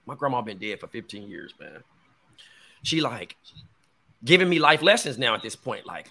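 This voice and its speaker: A man in his thirties co-hosts a podcast and tells a candid personal story in casual chat, loaded with slang and swearing. His voice is medium-pitched with big swings, a moderate pace and long pauses. It sounds creaky, pushed and bright, with a slight roughness.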